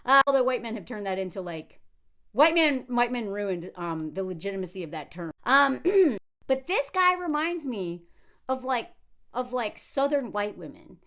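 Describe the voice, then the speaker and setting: A woman hosting a casual commentary video, talking in an animated way, laughing often and acting out what others said. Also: fairly high pitch, normal speed. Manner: animated, frequent laughs, acts out quotes in character voices.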